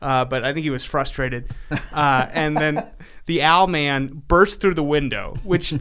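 Bright-voiced man rambling through a comic tale. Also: fairly high pitch, fairly even intonation, clear, resonant tone. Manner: rambling, halting, with frequent laughs. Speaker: podcast co-host. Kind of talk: improvised comic storytelling.

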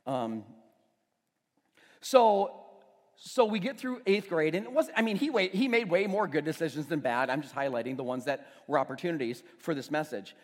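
Pastor in his forties, slightly high voice, chatty sermon that builds to loud emphasis, long church-hall echo. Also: lively intonation, moderate pace. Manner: conversational storytelling, restarts, swells to loud emphasis. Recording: long reverb of a church hall, faint music.

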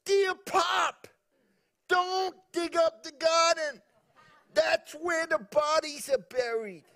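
A man voicing a sly jailed son with a loud put-on New York accent. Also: extremely high pitch, fairly even intonation, takes it slowly, creaky, voice pushed up, exaggerated voice.

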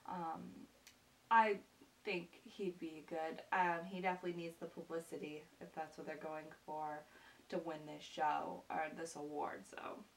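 A young woman vlogger chatting earnestly to her viewers, gushing with praise and filling pauses with ums and repeated words. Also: fairly low pitch. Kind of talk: casual chat to camera. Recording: distant mic with faint hiss.

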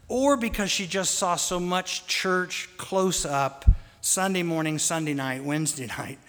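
A man telling fond, gently humorous family stories in a sermon. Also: fairly high pitch. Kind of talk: anecdotal storytelling sermon. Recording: long hall reverb.

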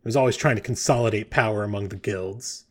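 A man voicing a cranky, bigoted old male ex-guard in a tabletop game, gruff and quick to shout accusations. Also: on the low side, close to an everyday voice. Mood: scornful.

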